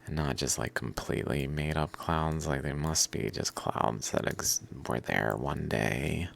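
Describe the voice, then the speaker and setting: A man's voice: very deep voice, unhurried, creaky, a bit bright. A man talking to himself in a loose, rambling monologue, swearing and laughing now and then. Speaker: vlogger.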